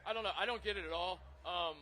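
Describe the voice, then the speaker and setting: A man's voice: sits high, quick pace. A man from the northern United States, co-hosting a casual chat in a bar and telling stories animatedly with frequent laughs. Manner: animated storyteller, laughs often. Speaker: co-host. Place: crowded bar.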